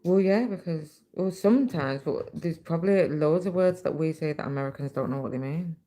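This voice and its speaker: A woman with a Mancunian accent chats away casually, leaning on "like" as she talks. Her voice has a gravelly fry at the bottom of it. She sounds like she's relaxed and talking to her viewers while she stitches. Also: sits low, a little fast. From England. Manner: chatty, reads viewer comments aloud, many "like" fillers. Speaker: livestream host.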